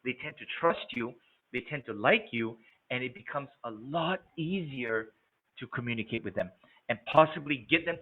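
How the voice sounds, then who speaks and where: A man runs a sales lesson in a lively, coaching manner, switching his tone to show each technique. His voice sits in a middling register. It comes through thin and boxy, like a phone call. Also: medium pitch. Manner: energetic, coaching, demonstrates voice tones. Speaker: sales trainer. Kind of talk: instructional talk. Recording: narrow phone-like sound.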